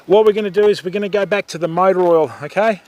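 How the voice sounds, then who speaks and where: A man's voice: sits high, fast talker, a little mellow. A middle-aged Australian man hosting a fishing livestream outdoors, chatting casually with viewers and calling them mate. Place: outdoors by the water.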